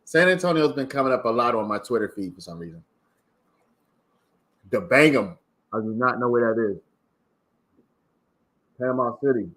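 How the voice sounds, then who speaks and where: A man's voice: medium pitch, lively intonation, moderate pace, pauses often, a bit bright. A man from Maryland hosting a casual livestream, chatting and reading out viewer comments. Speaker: livestream host.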